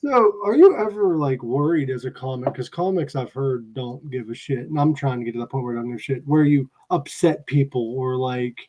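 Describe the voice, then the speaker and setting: A man's voice: mid-range voice, expressive, a little fast, hardly any pauses, darkish tone, lo-fi sound, slight background noise. A man hosting a podcast, chatting casually in a laid-back, swearing manner. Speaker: podcast host.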